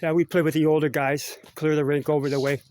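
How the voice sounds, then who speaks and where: A man's voice: fairly high pitch, flat delivery, fast, a little mellow. A middle-aged man with a Canadian accent, chatting in a meandering way and tagging "eh?" onto his sentences as he walks around outside. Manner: chatty, meandering, ends phrases with "eh?". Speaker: vlogger. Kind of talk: casual rambling walk-and-talk. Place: outdoors walking around school grounds.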